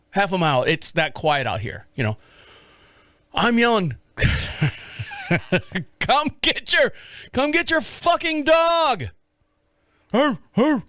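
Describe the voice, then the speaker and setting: On a dry recording with clean studio sound, a fifties-aged man hosting his own show spins a meandering, swear-filled tale of rural life. He animatedly plays out his own yelling, high-pitched and loud.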